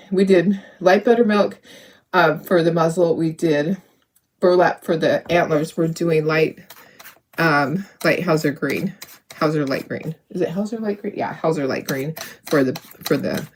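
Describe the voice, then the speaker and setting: Middle-aged lady on her craft stream, chatty and emotional, keeps restarting sentences. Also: medium pitch. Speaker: craft channel host. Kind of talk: casual livestream chat while crafting.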